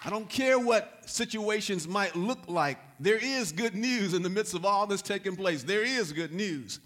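A man preaching a sermon in a high, bright-pitched voice. He repeats key lines and swells into loud exhortations. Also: lively intonation, a little slow. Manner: repetitive, rising to loud exhortation. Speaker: pastor.

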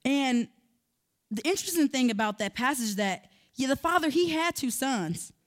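A woman's voice: high voice, animated, normal speed. A woman preaching a sermon in a conversational way, building to emphatic, rising passages.

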